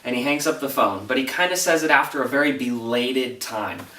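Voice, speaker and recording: A man casually recapping a TV episode as a reviewer, retelling it in an animated, breathless way. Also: medium pitch, a little fast, distant mic. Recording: roomy echo, voice off-mic.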